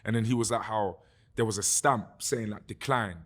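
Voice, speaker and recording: Animated young London man telling a story. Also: on the low side, moderate pace. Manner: animated, swears freely, says "bruv" often. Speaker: guest musician. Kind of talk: casual podcast storytelling.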